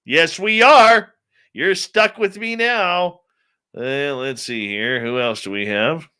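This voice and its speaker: A man's voice: fairly high pitch, takes it slowly, sharp tone, clean tone. A middle-aged man hosting a radio show, chatting casually, greeting viewers by name and ranting bluntly. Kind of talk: casual live-stream chat.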